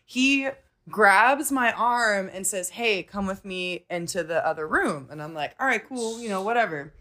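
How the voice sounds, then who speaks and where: A woman's voice: mid-range voice, a little slow. A young adult woman hosting a podcast, telling a story in casual chat, swearing freely and acting out the voices of people she quotes. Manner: profane, animated, acts out quoted voices. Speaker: podcast host.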